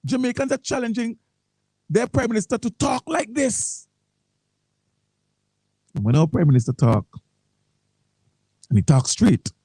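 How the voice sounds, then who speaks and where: Man, Vincentian accent, radio host, lively pitch, mellow husky tone, dry sound. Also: no room sound, low-quality recording. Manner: animated, repeats words, reads posts aloud. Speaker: radio talk show host. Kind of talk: morning talk radio commentary.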